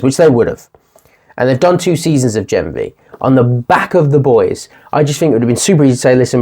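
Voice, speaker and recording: A young man talks through a TV finale in a chatty, excitable way and laughs often. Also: mid-range voice. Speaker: TV series reviewer. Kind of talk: casual video review.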